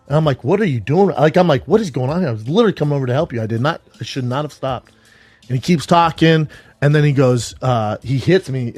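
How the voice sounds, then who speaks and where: Man, animated storyteller, raised voice, dry close recording, faint music bed. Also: medium pitch, no room sound. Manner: animated, acts out both sides of a confrontation. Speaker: commentator telling a story. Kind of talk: casual storytelling.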